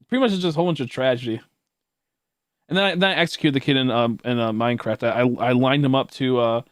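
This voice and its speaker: A man's voice: mid-range voice, no echo. Guy in his late 20s streaming, rambly and laughy, swears a lot, dry close sound. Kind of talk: casual livestream chat.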